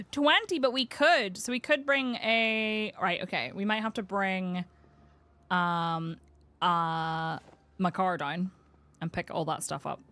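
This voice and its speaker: A woman's voice: medium pitch, slow, sharp tone. Chatty woman streamer. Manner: chatty, talks to her game character, swears casually. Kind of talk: gameplay commentary.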